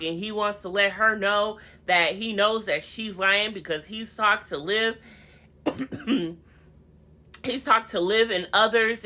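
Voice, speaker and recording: A woman's voice: medium pitch, pushed and bright. A young woman recapping a reality TV episode in a chatty, slangy, gossipy way, calling her viewers honey and y'all.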